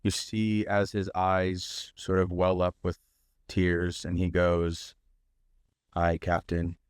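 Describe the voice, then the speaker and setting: A man with a very deep, crisp voice narrating a fantasy tabletop game as game master. He talks slowly and unhurriedly, often pausing with fillers. The sound is dry and close. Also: level tone, no echo.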